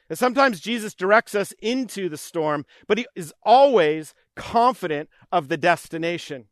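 Male pastor, high light voice, earnest repetitive sermon delivery, dry recording. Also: a bit bright, no room sound. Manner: earnest, repetitive preaching cadence, voicing pleading prayers.

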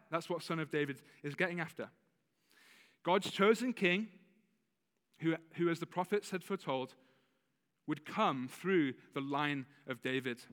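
A man's voice: on the high side, a bit bright, big-room sound. A male pastor giving a conversational sermon with a slight lisp, often correcting himself mid-sentence. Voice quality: slight lisp on some words. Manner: conversational, with self-corrections and laughs. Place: church.

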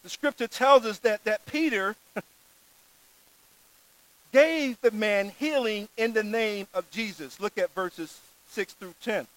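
A man delivers a sermon in an unusually high voice. He reads scripture aloud and preaches earnestly, stressing his key words. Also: slow, a bit bright, no room sound, rough recording.

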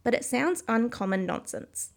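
A woman's voice: on the high side, big pitch swings, normal speed, creaky. Woman reading as the fussy, persistent Mock Turtle. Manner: questioning, insistent. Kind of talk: storybook reading.

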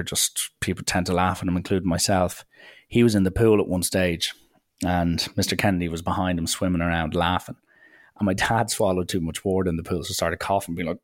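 A young man telling chatty, animated holiday stories in a casual way. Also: low-pitched, no echo, clean studio sound. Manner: chatty, animated anecdotes with acted quotes. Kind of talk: casual storytelling.

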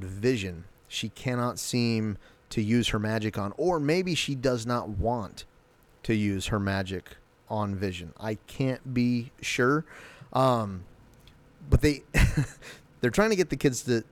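A man giving a casual, rambling spoken recap of a TV episode, often correcting himself as he goes. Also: medium pitch. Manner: rambling, self-correcting, acts out quotes.

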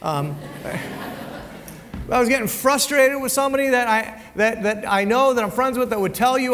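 A man's voice: extremely high pitch, moderate pace, a bit bright. A male pastor preaching a conversational sermon in a church, often repeating words as he goes and asking the congregation rhetorical questions. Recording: long hall reverb.

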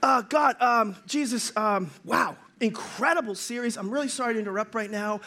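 A man acting out a nervous, apologetic male disciple in a sermon skit, hesitant and stammering, flattering his leader. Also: high-pitched, normal speed. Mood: sheepish.

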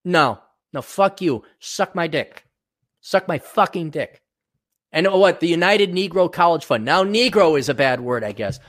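A man with a slightly higher voice rants through a solo podcast. He swears freely and sneers at people he mocks. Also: lively intonation, measured pace, a bit bright. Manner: profane, sarcastic, ranting; mock voices for people he ridicules. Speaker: podcast host.

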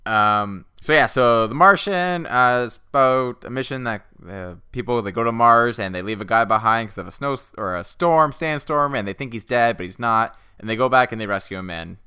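A young man co-hosting a casual chat, pitching a silly movie sequel, laughing often and acting out the characters he quotes. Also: normal speed, hardly any pauses, sharp tone, clear, resonant tone, dry recording, studio quality. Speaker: podcast co-host.

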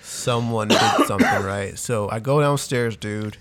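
A man's voice: lowish voice, unhurried, over loud music. A young man chatting casually on a podcast, telling a long story full of "like" and "dude". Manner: rambling storyteller, heavy use of "like" and "dude". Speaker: podcast co-host. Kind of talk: casual chat.

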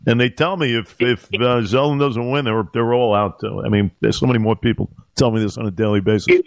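A man's voice: mid-range voice, steady tone, brisk, no room sound. A man hosting a radio talk show, talking in a hesitant, filler-heavy, teasing way.

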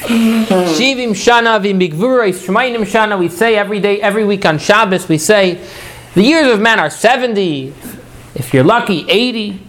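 A man's voice: high voice, moderate pace, a bit bright. A man teaching a Torah class, often repeating words as he starts and putting questions to his listeners.

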